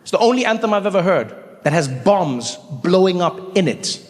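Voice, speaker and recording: A man performing a stand-up comedy routine on a theater stage, telling stories with animated shifts into other voices. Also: sits high, normal speed. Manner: animated storytelling, swings between voices. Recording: live hall with long reverb.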